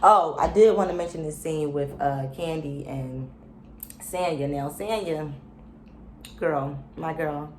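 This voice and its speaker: A woman's voice: low voice, takes it slowly, echoey room, slight background noise. A woman casually recapping a reality show, chatty and opinionated, with lots of fillers and slang.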